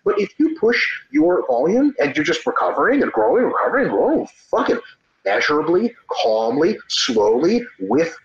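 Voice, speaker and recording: A man co-hosting a casual discussion, animated and profane, acting out the people he quotes. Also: fairly high pitch, moderate pace, roomy sound, lo-fi sound. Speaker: podcast co-host, coach.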